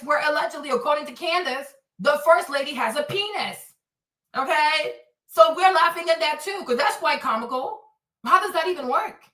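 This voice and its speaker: A woman with a high, bright voice delivers a loud, mocking, profane rant, hammering the same jabs again and again. She sounds set back from the mic in an echoey room. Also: far from the mic. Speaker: streamer host. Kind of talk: ranting commentary.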